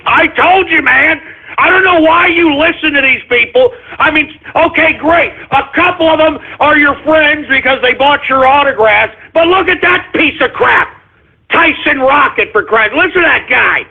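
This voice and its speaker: A man's voice: very high voice, normal speed, creaky. A man hosting a call-in radio show, grumbling and cursing in exasperation. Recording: tinny phone-like line.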